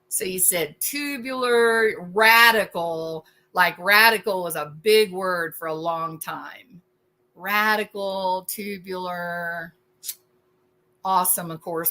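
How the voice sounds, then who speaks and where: A woman in her forties hosting a casual livestream, animated and wry, laughing often as she reacts to chat. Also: on the low side. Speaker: host.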